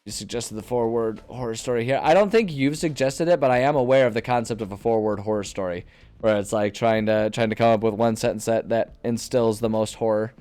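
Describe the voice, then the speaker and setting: A man with a low, smooth voice talks casually on a live stream as he plans a tabletop campaign. He thinks aloud, rambles and corrects himself mid-sentence. He speaks into a desk mic, with faint music playing behind him. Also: fairly quick, darkish tone. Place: home desk, indoors. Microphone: desk microphone.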